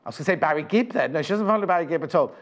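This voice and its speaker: Chatty man, fairly high voice. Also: lively intonation, racing. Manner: chatty, rambling, self-correcting. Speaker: shopping channel presenter. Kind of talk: live TV selling chat. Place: TV studio.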